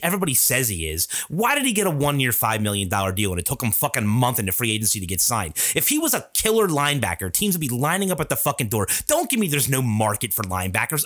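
A man's voice: medium pitch, a bit bright. A man co-hosting a sports podcast, ranting skeptically and swearing a lot. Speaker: podcast co-host. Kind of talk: casual sports podcast chat.

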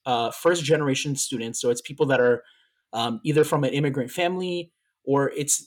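A man co-hosting a podcast in casual chat, telling a long story with repeated words, emotional and a little out of breath. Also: mid-range voice. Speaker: podcast co-host.

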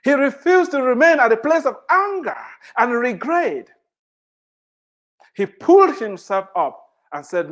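A preacher delivering a fervent sermon, voice leaping high and dropping low as they drive each point home. They repeat key phrases and pile up rhetorical questions to press the congregation. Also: sing-song, unhurried. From immigrant to the United States.

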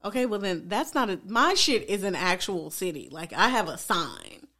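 A woman from the Nashville area with a Southern accent, chatting casually in a blunt, profane, animated way. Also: on the low side, moderate pace. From Goodlettsville, Tennessee. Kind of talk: casual chat.

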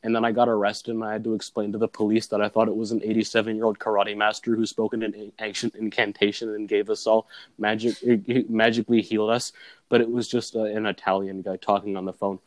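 A man's voice: on the low side, flat delivery, quick pace, no room sound. Young man, casual chat, rambling, filler-heavy, dry close sound. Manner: rambling, full of "like" fillers, laughs at his own story. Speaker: student describing his comedy sketch.

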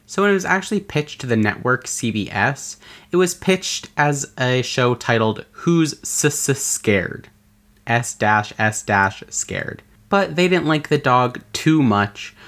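A man's voice: mid-range voice, fairly bright tone. A man hosting his own podcast, talking casually on his own in a chatty, playful way with joking asides. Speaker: podcast host. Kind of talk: casual solo podcast chat.

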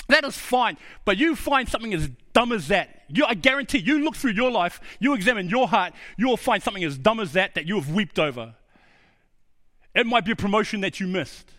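Middle-aged New man preaching, high voice, earnest, confessional, drops quiet for emphasis. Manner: earnest, personal storytelling with sudden drops to a low, quiet voice. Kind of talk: sermon.

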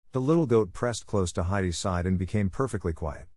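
A man narrating a children's story aloud in a steady storytelling manner. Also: low-pitched, a little fast, no room sound, studio quality. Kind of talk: audiobook reading.

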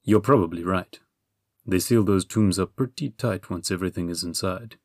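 A man voicing a gloomy, henpecked young physician who grumbles quietly in a storybook reading. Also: sits low, normal speed, no echo, clean studio sound. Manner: glum, grumbling, muttered.

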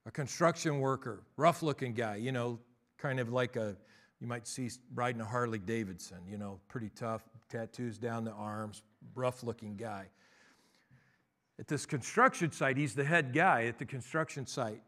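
A man preaching a sermon, telling stories in a hushed voice and then rising to loud, emphatic declarations. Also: medium pitch, normal speed. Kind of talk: sermon with storytelling.

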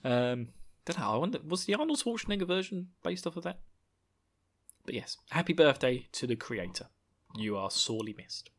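A man's voice: on the high side, big pitch swings, moderate pace, a bit bright. A man from the UK, hosting a podcast in rambling casual chat and laughing at his own jokes. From United Kingdom. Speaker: podcast host.

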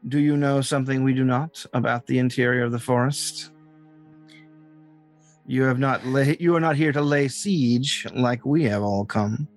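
A man voicing a scheming hag leader whose voice sounds oddly youthful. He speaks for her in a silky, slow, deliberate way in a tabletop game. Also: mid-range voice. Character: hag leader in silk and gold, purple-skinned, sly, scheming.

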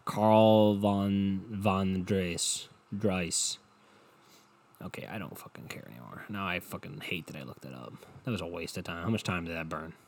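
A young man hosting a rambling solo podcast from home, swearing a lot and mocking himself, dropping from low mutters into loud bursts. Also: normal speed, gravelly. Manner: profane, self-mocking, drifting between muttering and loud bursts. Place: home, no studio. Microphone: home podcast microphone.

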